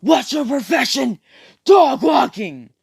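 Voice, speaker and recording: A man's voice: mid-range voice, unhurried, close to an everyday voice. A man doing a brash, cocky fighter. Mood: shouting. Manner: brash, taunting. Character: cocky all-powerful male fighter.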